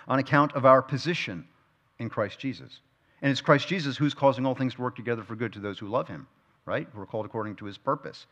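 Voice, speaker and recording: A man's voice: mid-range voice, fairly bright tone. A man teaching a verse-by-verse Bible study. He keeps asking his listeners questions and repeats key phrases for emphasis. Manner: asks the listeners frequent rhetorical questions.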